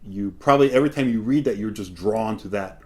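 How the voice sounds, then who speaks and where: A man's voice: on the low side, fast, darkish tone. A man coaching an actor one-on-one. He explains patiently and keeps checking in with "right?". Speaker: acting teacher.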